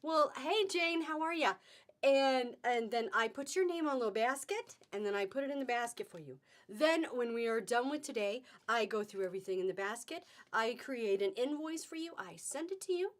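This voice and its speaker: A woman's voice: on the high side, animated, moderate pace. A woman hosting a live-streamed fabric sale, chatting casually and upbeat, greeting viewers by name as she goes.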